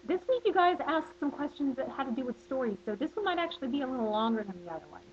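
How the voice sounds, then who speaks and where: A woman's voice: high-pitched, animated, racing, a little hiss or hum. A young woman in her twenties chatting to camera as she answers viewer questions, bubbly and playful, with plenty of asides. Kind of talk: casual chat to camera. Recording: dull lo-fi webcam audio.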